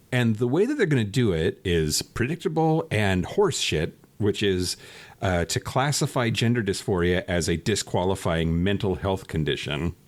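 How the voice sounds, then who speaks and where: A man co-hosting a casual podcast, talking remotely, ranting profanely with laughs and restarts. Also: fairly low pitch. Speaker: podcast co-host. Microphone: remote recording.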